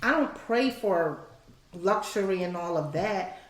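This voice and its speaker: Animated woman telling stories in an echoey room. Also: lowish voice, measured pace. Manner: animated storyteller, voices other people's lines. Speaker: podcast co-host. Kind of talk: casual faith-based chat.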